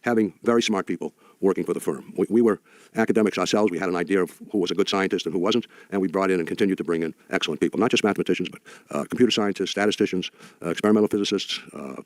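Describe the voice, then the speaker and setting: An older man tells wry stories to an audience, stumbling and restarting as he goes. His voice sits low and moves quickly. The sound is dry and close. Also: no echo. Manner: halting, wry storytelling with many restarts. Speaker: speaker addressing an audience. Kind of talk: anecdotal talk.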